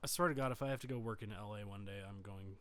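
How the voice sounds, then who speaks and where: A man's voice: on the low side, fast, fairly bright tone, dry recording. A young man from Utah co-hosting a podcast, rambling and hesitant, laughing easily. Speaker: podcast co-host. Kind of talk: casual chat.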